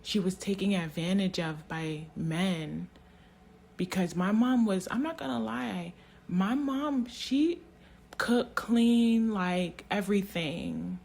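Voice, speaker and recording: A woman speaking in an emotional, halting personal monologue, tearing up and restarting her sentences often. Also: mid-range voice, vocal fry, darkish tone. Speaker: spiritual vlogger.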